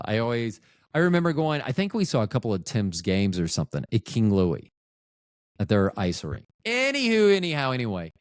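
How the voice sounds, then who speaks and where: A man's voice: mid-range voice, no room sound, clean studio sound. Rambling, profane man telling stories. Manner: rambling, profane, self-mocking. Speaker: podcast host. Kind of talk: casual storytelling monologue.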